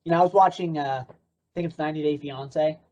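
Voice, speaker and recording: A man's voice: on the high side, steady tone, fast, a little mellow, slight background noise. A man presenting an interactive workshop in a playful, sarcastic way. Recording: dull lo-fi recording.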